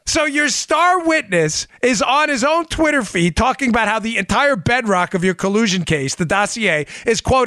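A man hosting a political talk show, giving opinionated commentary full of sarcasm and mocking quotes, rising to loud outbursts and dropping to low asides. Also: animated, moderate pace, no room sound, studio quality.

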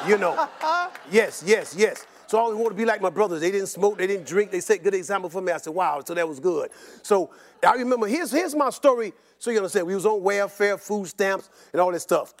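An older man telling stories about his life in an interview, animated and rambling, repeating words and often laughing. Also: high voice, a little fast. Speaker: interview guest. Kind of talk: personal storytelling in an interview.

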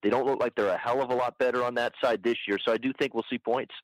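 Man, mid-pitched voice, betting analyst, measured and analytical, dry close sound. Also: steady tone, no echo, poor audio.

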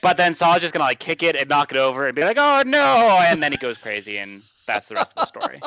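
A joking man with a bright, sharp voice trades playful asides on a podcast. The audio is dry and dull. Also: mid-range voice, expressive, fast, no room sound. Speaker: podcast co-host. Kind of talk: casual podcast chat.

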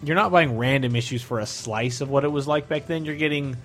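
A man co-hosting a podcast in casual chat, rambling and animated, with many fillers and restarts. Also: medium pitch, brisk, faint music behind. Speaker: podcast co-host.

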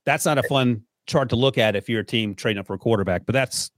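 A man's voice: mid-range voice, fast, no room sound. A man hosting a football podcast, casually running through draft picks and joking with his co-host. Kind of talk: casual sports podcast chat.

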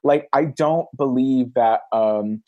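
A man guest on a podcast, chatting casually and telling stories with big acted-out quotes that jump high. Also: takes it slowly, no echo, phone-quality sound. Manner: animated storyteller, acts out quotes in big high voices. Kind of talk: casual chat. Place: Los Angeles area.

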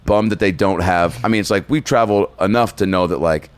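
A man hosting a casual comedy podcast, animated and fond of acting out little voices. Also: low voice, fairly quick, smooth, no echo. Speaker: podcast host.

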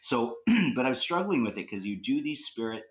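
A man's voice: mid-range voice, big pitch swings, normal speed, dull audio. A man casually telling a long personal story in conversation, rambling with many fillers, restarts and "you know"s.

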